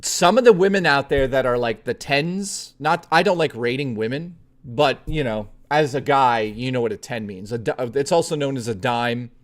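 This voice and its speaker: A man's voice: medium pitch, moderate pace, hardly any pauses. A male streamer telling a story to his live chat in a blunt, profane, chatty way, speaking straight to his viewers.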